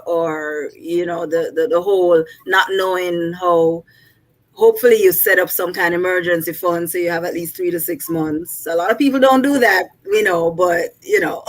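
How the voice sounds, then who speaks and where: A woman guest on a talk show, chatting casually with many fillers and reading a poem aloud. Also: fairly low pitch. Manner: conversational, many "you know" fillers. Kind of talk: casual chat and poetry reading.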